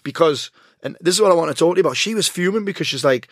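A man's voice: on the high side, animated, rapid-fire, no echo. Podcast host guy, easygoing, keeps saying yeah, dry close mic. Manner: agreeable, frequent backchannel yeahs. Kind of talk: casual chat.

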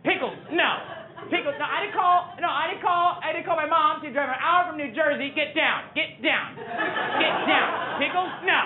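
Shrill, frazzled neighbor lady yelling at her dog, played by a man, very high and squeaky, thin phone-like club sound. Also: moderate pace, reverberant. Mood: frantic. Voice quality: high, frantic. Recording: phone-like stand-up recording, crowd noise.

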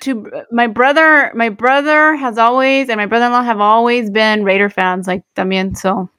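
A woman's voice: fairly high pitch, moderate pace, fairly bright tone. A woman co-host chats casually, dropping Spanish words into her English sentences and hunting for words now and then. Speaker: podcast co-host. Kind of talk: casual chat.

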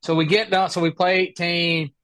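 A man with a voice pitched a little high for his sex spins a long, animated yarn as a podcast guest. He rambles and restarts as he goes, and the sound is close and dry, with no room around it. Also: moderate pace, no room sound. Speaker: guest, professional golfer. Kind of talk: casual storytelling interview.

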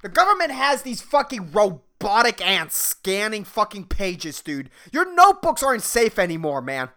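A young man rambles through a profane comedic rant, his voice swinging up and down with animation. It is bright and forceful in tone, sitting a little high, and he breaks into laughter often. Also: big pitch swings, moderate pace. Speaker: podcast host.

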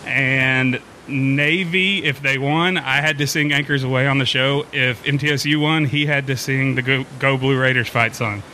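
A man's voice: mid-range voice, fairly even intonation, moderate pace, hardly any pauses, sharp tone, a little hiss or hum. A man hosting a casual podcast chat, joking and laughing easily. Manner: jokey, laughs often. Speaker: podcast host.

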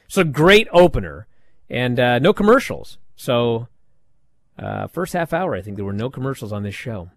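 A man talks through a wrestling show in a loose podcast recap. His pitch swings up and down as he tells it, with frequent fillers, and the sound is dry with no room echo. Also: normal speed, creaky. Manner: animated storytelling with frequent fillers.

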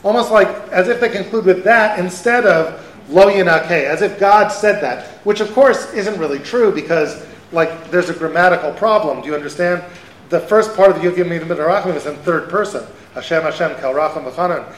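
A rabbi teaching a class, a man speaking in an animated lecture style with lots of rhetorical questions. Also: high-pitched, fairly quick. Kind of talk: lively lecture. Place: event hall. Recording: roomy hall sound.

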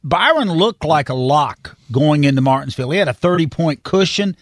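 A man reporting on motorsports for a morning radio show, explaining the season in a steady, knowledgeable way. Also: fairly high pitch, moderate pace, no room sound, clean studio sound. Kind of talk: sports analysis on a radio call-in segment.

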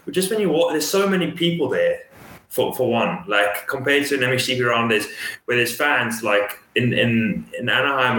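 A man with a Dutch accent chatting eagerly as a co-host, full of "like" and quick restarts. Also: medium pitch, bright, forceful tone. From Netherlands. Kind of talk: casual chat. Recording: roomy echo.

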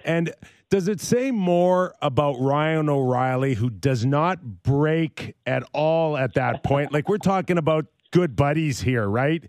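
Quick-talking male radio host. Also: fairly high pitch, lively intonation, darkish tone, no echo, clean studio sound. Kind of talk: sports talk radio interview.

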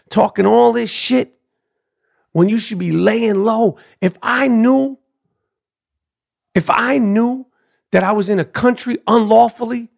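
Brash, gravelly New man ranting. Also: sits high. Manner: loud, brash, trash-talking, repeats "Duke". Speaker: podcast host. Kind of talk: profane ranting monologue.

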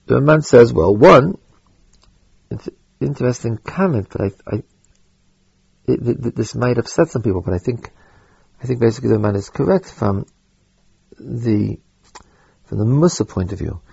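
Gravelly man giving a halting Torah lecture. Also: mid-range voice, animated, darkish tone, dry recording, muffled recording. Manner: halting, repeats words, slips in Hebrew terms. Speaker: Torah teacher.

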